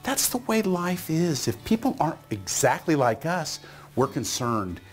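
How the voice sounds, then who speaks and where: A middle-aged man giving a motivational talk, telling a story in an animated way and acting out the voices in it. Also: on the high side, a little slow, faint music behind. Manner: animated, acts out voices in his stories. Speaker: motivational speaker.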